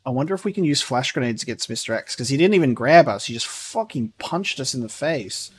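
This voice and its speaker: A man's voice: mid-range voice, lively intonation, brisk, breathy edge. A man giving casual commentary while playing a horror game, swearing often and reading in-game letters aloud. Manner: swears often, laughs and shouts at scares. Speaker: gaming streamer. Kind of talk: casual let's play commentary.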